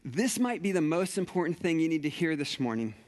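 A male pastor preaching a sermon, telling a personal story with animated energy and acting out the scenes. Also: on the high side, brisk.

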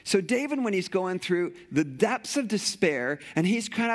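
A man's voice: high voice, very animated, normal speed, hardly any pauses, fairly bright tone. A middle-aged male pastor preaching a sermon with passion, repeating phrases and often restarting sentences.

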